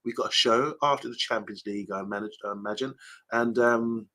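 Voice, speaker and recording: A man's voice: medium pitch, fairly even intonation, brisk, sharp tone. A man hosting a casual fan live stream, chatting loosely and reading out viewer comments with lots of ums and restarts.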